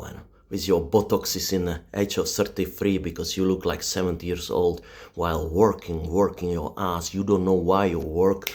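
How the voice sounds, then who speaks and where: A man delivering a mocking, profane satirical rant in broken English, dropping into whispers and breaking into laughter. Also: on the low side. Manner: broken, non-native English grammar. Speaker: vlogger. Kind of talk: satirical ranting monologue.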